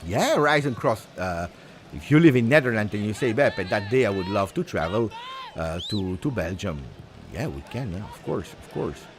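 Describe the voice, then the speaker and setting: Excitable football reaction host. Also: male voice, normal speed, a little hiss or hum. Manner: excitable, switches from low asides to shouting celebration. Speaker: football watch-along host. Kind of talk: live match reaction and chat.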